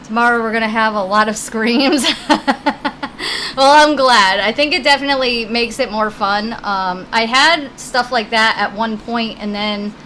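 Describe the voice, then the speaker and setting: Woman game streamer, casual and chatty, a bit high-pitched, faint hiss behind her. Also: a little slow, bright, forceful tone, low-quality recording. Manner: chatty, talks to her puppies between game lines. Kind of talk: casual live-stream chat.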